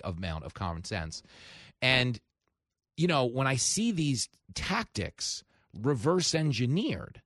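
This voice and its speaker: A man hosting a talk radio show, speaking in an animated, sarcastic way and mocking his opponents in put-on voices. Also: mid-range voice, dry recording, clean studio sound. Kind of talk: opinionated talk radio monologue. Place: radio studio. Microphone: studio mic.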